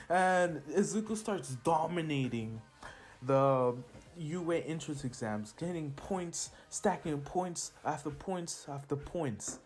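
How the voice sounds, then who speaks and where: A man's voice: a little high, animated, measured pace, darkish tone. A teenage boy narrating a fan-made superhero story in a casual, rambling way with laughing asides and slang.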